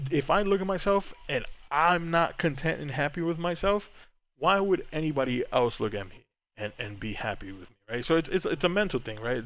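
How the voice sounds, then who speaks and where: A man's voice: mid-range voice, a bit bright. Candid rambling male podcast host. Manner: candid and rambling, many restarts and filler words. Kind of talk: casual chat, reading live chat.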